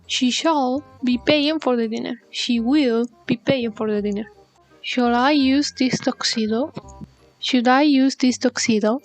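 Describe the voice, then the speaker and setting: A woman's voice: high voice, measured pace, soft background music. A woman whose first language is Spanish, reading a scripted English lesson and carefully reading out paired example sentences. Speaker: English teacher.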